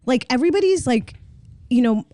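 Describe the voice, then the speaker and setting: A woman's voice: high-pitched, lively intonation, brisk, dark tone, no room sound, clean studio sound. A middle-aged woman, a podcast guest, chatting playfully with frequent laughs and filler words. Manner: playful, laughing, acts out her toddler's lines. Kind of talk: casual chat.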